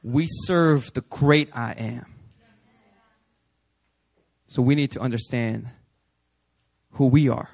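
A pastor in his thirties from New York preaching a sermon at a church service, telling stories with jokes and building to loud, emphatic shouts. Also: mid-range voice, takes it slowly, gravelly, pauses often.

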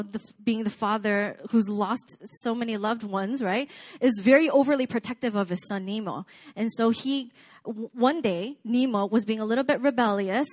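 A woman preaching a sermon in a casual, chatty way, with many fillers and asides to the congregation. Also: on the high side.

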